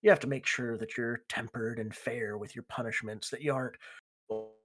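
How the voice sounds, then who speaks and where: A game master voicing a stern, righteous male biker gang leader in a tabletop game, speaking in a measured, lecturing way. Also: mid-range voice, steady tone, pitched below the performer's own voice, natural voice. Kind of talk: tabletop role-play character voice.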